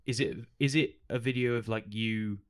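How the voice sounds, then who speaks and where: A man with a slightly low voice hosts a podcast interview. He asks friendly, encouraging questions and sums up what his guest says. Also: steady tone, moderate pace, clean tone. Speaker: podcast host.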